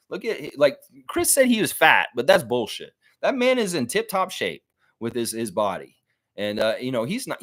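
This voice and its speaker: A man hosting a casual fan live stream, chatting in a rambling way and reading comments aloud. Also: mid-range voice. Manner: animated, rambling, reads chat comments aloud.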